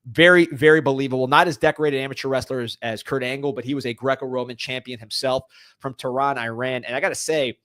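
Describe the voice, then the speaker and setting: A man's voice: mid-range voice, fairly even intonation, quick pace, a bit bright, no echo, studio quality. Joking, rambling male podcast co-host. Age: 30s or older. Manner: joking, rambling, laughs often. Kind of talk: casual sports podcast chat.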